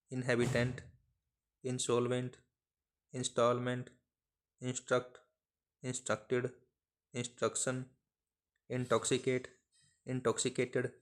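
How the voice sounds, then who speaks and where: Male dictation reader, flat and very slow, spacing out words for transcription drills. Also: medium pitch. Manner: measured, monotone delivery of isolated phrases. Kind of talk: slow dictation of word lists.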